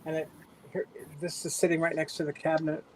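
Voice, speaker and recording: A woman on a video call from her home office, calmly telling a story to the group in a matter-of-fact way. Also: low voice, quick pace, rough recording. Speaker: guest. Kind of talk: casual group video chat.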